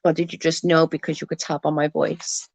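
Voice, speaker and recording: With a deep, flat voice and vocal fry, a woman speaks fairly quickly on a dry recording through a close computer mic. Congested from hay fever, she hosts a livestream, chatting casually with viewers, reading their comments aloud, swearing freely and giggling.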